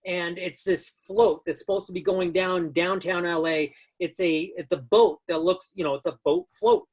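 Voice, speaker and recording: A man's voice: high voice, moderate pace, slightly rough. A man in his fifties telling stories as a guest in an interview, rambling through anecdotes with many restarts. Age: 50s. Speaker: guest, stunt rigger. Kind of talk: casual storytelling.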